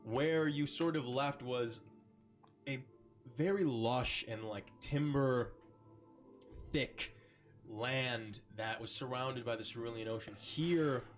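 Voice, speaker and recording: A man's voice: medium pitch, soft background music. Man narrating as game master. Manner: slow, descriptive, with many ums and likes.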